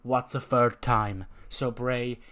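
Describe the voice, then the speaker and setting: A man's voice: mid-range voice, steady tone, takes it slowly, fairly bright tone. A swaggering, boastful wrestler barks taunts at his rival, stretching out his words for effect, as a man puts him on. The voice stays close to an everyday male voice, in a middle range. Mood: cocky taunting. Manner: cocky, taunting.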